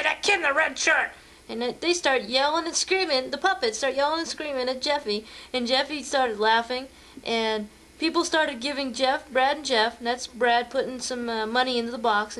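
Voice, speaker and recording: A woman's voice: sits high, a bit bright. Chatty woman recounting vacation photos. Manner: chatty storytelling with fillers. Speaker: home video narrator.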